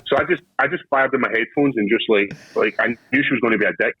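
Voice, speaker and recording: A man's voice: mid-range voice, fast, dull audio, noisy background. A Scottish man co-hosting a podcast, telling profane, rowdy stories and laughing as he goes. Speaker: podcast co-host. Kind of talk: casual chat.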